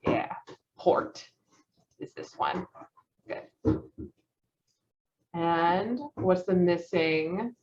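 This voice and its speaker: A woman's voice: on the low side, very slow, long pauses, darkish tone. A young woman leading a phonetics practice session, encouraging and praising answers with frequent laughs. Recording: dull muffled lo-fi audio.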